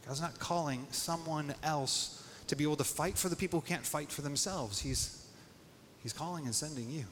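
A male pastor preaches in a loose, conversational way, peppering his sermon with "like". His voice sits a little high and rings with long reverb in a church hall. A faint noise runs beneath. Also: moderate pace, a bit bright. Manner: casual, conversational preaching, heavy use of "like".

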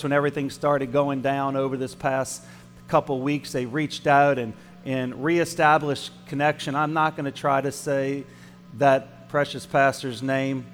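Cajun pastor preaching in a reverberant hall. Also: male voice, mid-range voice. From Louisiana. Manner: conversational, with frequent restarts and asides to the congregation. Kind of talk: sermon.

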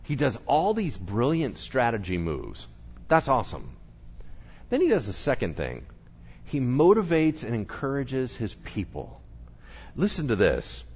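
A man preaching an energetic, conversational sermon with humor, talking straight to the congregation. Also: mid-range voice, measured pace, breathy edge, lo-fi sound. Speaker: pastor.

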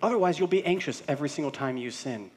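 Animated man preaching a sermon. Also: a little high, fast. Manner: conversational preaching, acting out quoted voices, animated swings in loudness. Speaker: pastor.

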